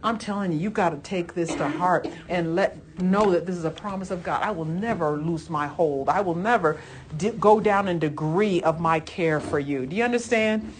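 A woman with a fairly low voice leads a church Bible lesson. She is fervent and emphatic and talks conversationally, with asides and restarts, calling out praise between points. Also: moderate pace. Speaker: Bible study teacher.

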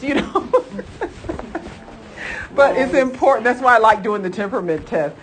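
A woman preaching a sermon in a lively, chatty way, often laughing and calling her listeners folks and honey. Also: a little high, normal speed, a little hiss or hum.

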